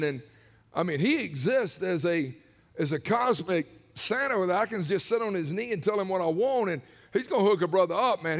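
A man preaching a sermon as pastor, animated, acting out prayers and quotes in other voices. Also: high-pitched, long reverb tail.

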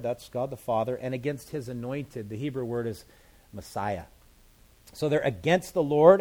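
A man's voice: mid-range voice, mellow. A man giving a sermon, walking through scripture verse by verse in a conversational, plain-spoken way with playful asides. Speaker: pastor.

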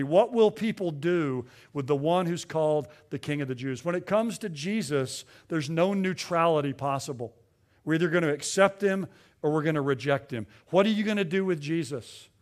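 Earnest male pastor, slightly higher voice. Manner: earnest, explanatory, with frequent restarts. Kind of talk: expository sermon.

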